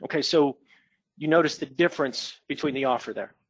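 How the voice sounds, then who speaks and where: A man training a sales agent, coaching and demonstrating how to pitch on a call. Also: brisk, no room sound. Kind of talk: coaching a role-play call.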